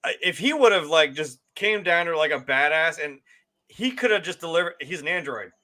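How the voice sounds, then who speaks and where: A man's voice: fairly high pitch, animated, a little fast, sharp tone. A man co-hosting a casual movie review chat, emphatic and profane, acting out the quotes he discusses. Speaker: podcast co-host.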